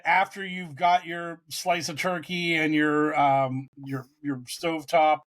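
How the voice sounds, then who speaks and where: A man co-hosting a casual sports podcast, rambling and profane as he tells stories. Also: a little high. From United States. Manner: rambling, profane, animated storytelling. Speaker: podcast co-host.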